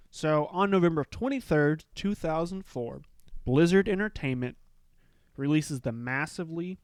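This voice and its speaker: A man's voice: on the high side, a little mellow, dry recording. A man hosting his own show, chatting casually and retelling scenes in a loose, filler-filled way. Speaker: podcast host. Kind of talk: casual solo show recap.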